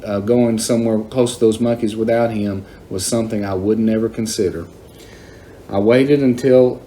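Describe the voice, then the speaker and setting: A man reading a chapter of a novel aloud in plain, unhurried first-person storytelling. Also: on the low side, dark tone, slight background noise.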